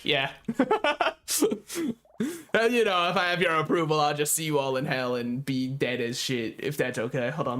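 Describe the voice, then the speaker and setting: A man's voice: fairly high pitch, a bit bright. A young man streaming a video game, rambling through casual commentary with jokes and frequent laughter. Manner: rambling, joking, laughs often.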